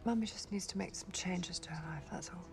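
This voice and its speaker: An actress playing a warm, anxious royal mother on the phone to her sons, speaking softly. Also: on the low side, a little fast, gravelly. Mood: hushed. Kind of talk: TV drama acting.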